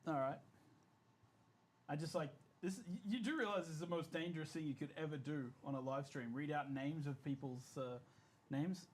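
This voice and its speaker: A man streaming live, chatting casually and joking in a quick, rambling way. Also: fairly high pitch, husky.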